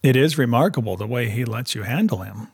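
A man reading aloud voices a husband who speaks sharply and defensively in a husky tone. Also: medium pitch, lively intonation, brisk, dry recording, clean studio sound.

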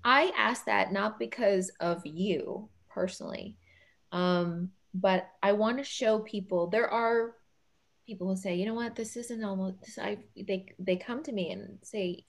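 Casting: woman podcast host, mid pitch, soft-hearted and laughing, video-call interview. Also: measured pace, creaky. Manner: warm, emotional, laughs often.

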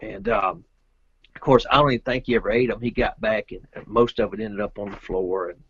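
A man's voice: lowish voice, fairly quick, slightly rough, no room sound, dull audio. A man, a guest telling a rambling, folksy story with loose grammar in casual chat. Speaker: interview guest, pool player.

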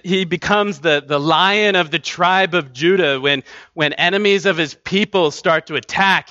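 Bright earnest male preacher, dry sound. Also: a little high, no room sound, dull audio. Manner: earnest, conversational preaching with repeated restarts. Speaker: pastor. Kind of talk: sermon. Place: church.

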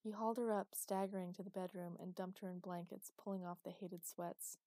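A woman narrating an audiobook with steady, expressive storytelling. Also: mid-range voice, brisk, no echo, studio quality.

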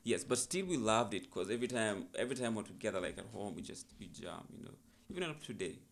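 A man's voice: fairly low pitch, very animated, quick pace, gravelly, a little hiss or hum. A young man, a musician, telling his story in a casual podcast interview in a laid-back, reflective way. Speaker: musician guest.

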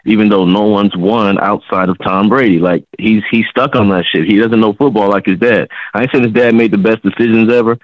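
A man's voice: fairly low pitch, fairly even intonation, brisk, hardly any pauses, dry recording, highs cut off. A man, a guest, ranting heatedly and swearing a lot in casual sports talk on a podcast. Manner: fired-up, ranting, heavy swearing. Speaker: guest commentator.

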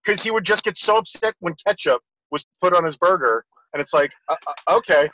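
A man telling stories in a casual chat, animated and laughing often. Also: high voice, fairly quick. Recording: lo-fi audio.

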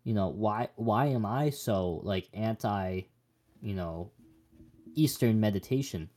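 A man's voice: on the low side, animated, slow, warm tone. A young man co-hosting a podcast, chatting casually about Bible passages in a rambling, joking way with many restarts. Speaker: podcast co-host.

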